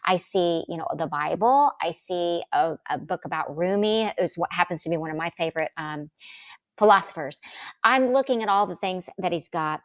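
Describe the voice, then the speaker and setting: Middle-aged woman guest, animated storyteller, big pitch leaps, dry close sound. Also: normal speed, no room sound. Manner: lively, acts out quotes with big pitch jumps.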